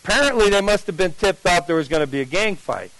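Older guy, high-ish voice, dry close mic, telling his story like a testimony and doing all the voices. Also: lively intonation, fast, fairly bright tone, dry recording, low-quality recording. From New Jersey.

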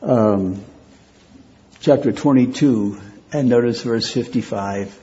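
A man preaching a sermon as pastor, speaking deliberately and repeating key phrases for weight. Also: medium pitch, mellow, lo-fi sound.

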